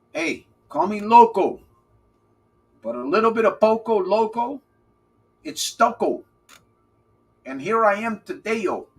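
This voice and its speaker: Male live-stream coach, husky voice, lively pitch, playful and repetitive. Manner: animated, playful, repeats phrases for emphasis. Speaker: recovery coach hosting a live podcast. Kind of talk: live-stream talk, answering chat.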